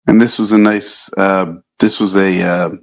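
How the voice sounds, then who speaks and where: A man in casual movie chat as a podcast co-host, listing things in a measured way with ums. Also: low-pitched, steady tone, creaky.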